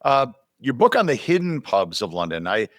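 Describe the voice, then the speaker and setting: Man, podcast host, casual chat, medium pitch, dry sound. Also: moderate pace, no echo. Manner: relaxed and conversational, with some hesitations.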